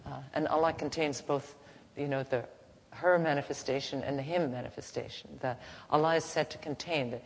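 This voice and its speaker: A woman teaching in a gentle, unhurried, halting way, softly chanting at times, in a reverberant hall. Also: low voice, fairly even intonation. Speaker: spiritual teacher. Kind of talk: devotional teaching talk. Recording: reverberant hall, faint background noise.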